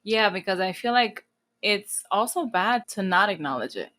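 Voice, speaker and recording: A woman's voice: mid-range voice, moderate pace. A woman in her thirties from New Jersey, a guest on a podcast, talking candidly and bluntly with plenty of swearing and a few Spanish phrases. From New Jersey, USA. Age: 30s. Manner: blunt, profane and animated. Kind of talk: casual candid interview talk.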